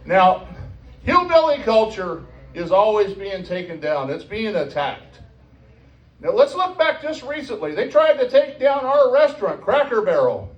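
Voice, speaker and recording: A man's voice: high-pitched, roomy sound, recorded from a distance, muffled recording. A man from West Virginia, doing a playful, self-mocking stand-up comedy set. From West Virginia, USA. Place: comedy club stage.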